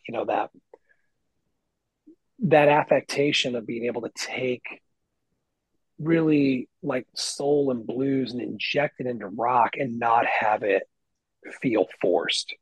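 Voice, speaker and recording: A middle-aged man, a guest guitarist, telling stories in casual podcast chat with lots of swearing and animated emphasis. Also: mid-range voice, takes it slowly, pauses often, slightly rough, dry recording, low-quality recording. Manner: profane, animated storyteller. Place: lives in Nashville.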